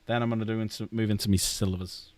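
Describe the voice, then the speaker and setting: A man's voice: on the low side, fairly even intonation, quick pace, no echo. A man, casually chatting and joking with viewers while painting miniatures, swearing freely. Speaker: host painting miniatures on a live stream.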